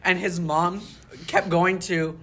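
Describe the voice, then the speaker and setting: A man's voice: high-pitched, little pitch movement, takes it slowly, pushed and bright, a little hiss or hum. A man co-hosting a podcast, telling teasing jokes in casual chat. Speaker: podcast co-host. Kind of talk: casual chat among friends.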